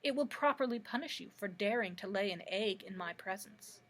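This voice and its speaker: A woman voicing a small, hot-tempered male gnome king who blusters and yells, in a husky voice. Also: medium pitch, animated, normal speed, lightly acted. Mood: blustering. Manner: blustering, yelling.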